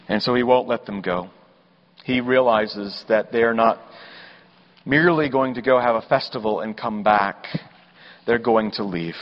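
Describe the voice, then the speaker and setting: A man preaching a sermon, emphatic and building to loud, rising exclamations. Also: medium pitch, moderate pace. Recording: dull, hall-like reverb.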